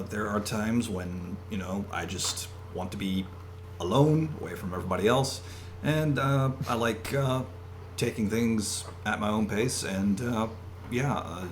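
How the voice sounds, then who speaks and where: Man hosting with lively pitch. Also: a little hiss or hum. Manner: hesitant, full of "uh". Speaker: podcast host. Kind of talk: casual panel chat. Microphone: video call.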